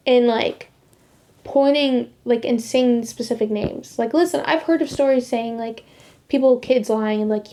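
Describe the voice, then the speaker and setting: A woman's voice: a little high, fairly even intonation, moderate pace, dark tone. A young adult woman casually telling a personal story, rambling with lots of "like" fillers and restarts. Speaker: vlogger sharing her faith testimony.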